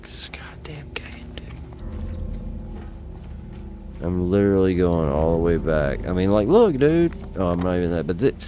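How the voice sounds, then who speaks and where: A man's voice: low-pitched, animated, fairly quick, few pauses, warm tone, a little hiss or hum. A middle-aged man giving exasperated, profane live commentary while playing a game, talking to himself at a desk mic. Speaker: gaming channel host.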